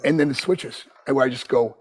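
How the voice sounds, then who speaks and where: Husky-voiced man telling a story. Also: medium pitch, fast. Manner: animated, acts out quotes. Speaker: guest. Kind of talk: casual storytelling chat.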